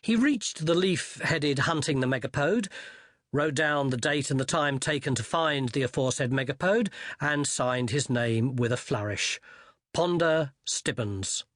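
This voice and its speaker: An audiobook narrator giving lively scripted narration of a comic fantasy novel. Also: medium pitch, a little slow, no echo.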